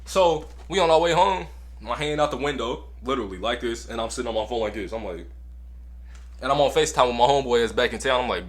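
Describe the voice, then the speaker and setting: A young man casually telling a story to camera in a slangy, animated way, repeating lines for effect. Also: medium pitch, fast. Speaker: storytime vlogger.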